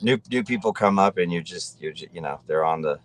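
A man's voice: sits low, brisk, a little hiss or hum. A man co-hosting a podcast as a rock musician, talking in an easygoing way with small hesitations. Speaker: musician co-host. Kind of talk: casual podcast chat.

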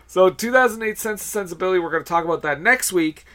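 Guy hosting a movie podcast, slightly high voice, upbeat and teasing. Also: lively intonation, fast, a bit bright. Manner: upbeat, plugs the show, teasing. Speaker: podcast host. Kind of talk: casual chat.

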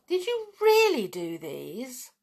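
A woman voicing a gentle, easily impressed young girl in a storybook reading. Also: high-pitched, huge pitch swings, slow, gravelly, voice pushed up, full character voice.

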